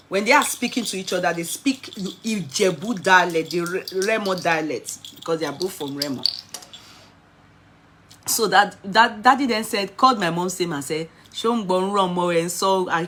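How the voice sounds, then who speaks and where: A woman in her forties with a Nigerian accent, telling a personal story in an animated way and slipping into Nigerian Pidgin. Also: mid-range voice, slight background noise.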